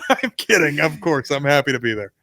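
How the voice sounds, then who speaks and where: A man's voice: on the high side, very animated, a little fast, vocal fry, pushed and bright, dry recording, studio quality. A man co-hosting a college football podcast, chatting casually with wry, self-mocking humor. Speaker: podcast co-host. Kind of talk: casual sports chat.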